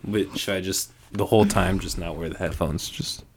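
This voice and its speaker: Low-voiced joking male podcast host. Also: fairly even intonation, normal speed, a little hiss or hum. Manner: jokey, self-mocking, laughs often. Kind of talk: casual chat.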